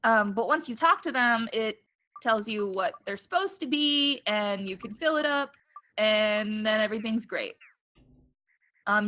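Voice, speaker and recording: A woman's voice: mid-range voice, sharp tone. A young woman casually explaining game mechanics while playing, with filler words and offhand swearing. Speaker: let's play player. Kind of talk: casual gameplay commentary.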